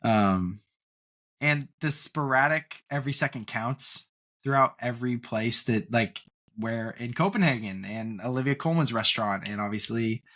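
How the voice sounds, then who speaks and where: Excitable young man gushing in casual chat. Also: medium pitch, normal speed. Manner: excitable, gushing, many fillers and restarts. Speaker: podcast co-host.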